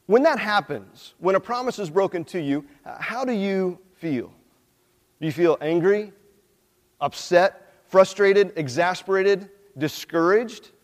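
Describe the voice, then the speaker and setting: Male pastor, high-pitched voice, chatty sermon delivery that questions the congregation, long church reverb. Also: lively intonation, unhurried. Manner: conversational, asks the congregation questions. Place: church sanctuary. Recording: long reverb in a large hall.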